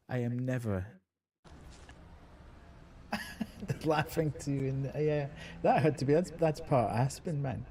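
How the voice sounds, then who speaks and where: A man's voice: mid-range voice, takes it slowly, long pauses, dark tone, slight background noise. A man streaming a horror game live, chatting casually with his viewers and laughing often. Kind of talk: live gameplay commentary.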